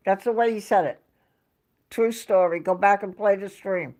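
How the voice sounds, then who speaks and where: A woman's voice: medium pitch, moderate pace. Chatty woman rambling on a home livestream. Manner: rambling, chatty storytelling, reading out chat names. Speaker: livestream host. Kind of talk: casual livestream chat.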